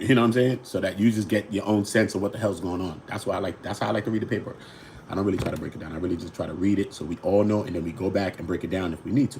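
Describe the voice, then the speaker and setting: A man from New York with a New York accent hosting a casual commentary show, swinging between loud outbursts and low mutters. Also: slight background noise. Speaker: host.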